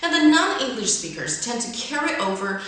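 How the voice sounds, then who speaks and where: A woman hosting an English lesson, explaining her points clearly and listing them one by one. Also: fairly high pitch, very animated, normal speed, fairly bright tone. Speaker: host and English teacher. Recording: echoey room, mic far away.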